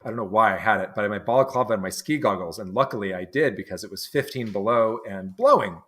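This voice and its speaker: A man from New England speaks with a fairly low voice in relaxed conversation. He circles his thoughts with frequent fillers and false starts, stacking repeated words before he lands a point. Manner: halting, many restarts and fillers. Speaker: interview guest. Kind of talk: casual conversation.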